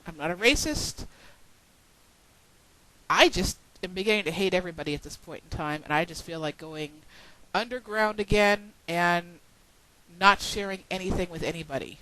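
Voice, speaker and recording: A woman's voice: fairly low pitch, normal speed, pauses often, fairly bright tone, no room sound, poor audio. Exasperated woman ranting to a webcam. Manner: exasperated, swearing, sarcastic. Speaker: video blogger. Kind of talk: frustrated webcam rant.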